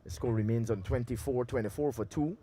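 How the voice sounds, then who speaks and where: Guy doing laid-back cricket commentary outside, warm low-key voice, lots of uhs and pauses. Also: husky. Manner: relaxed, loose delivery with frequent pauses and filler. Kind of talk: live amateur cricket commentary. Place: outdoors at a local cricket ground. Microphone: handheld mic through a loudspeaker.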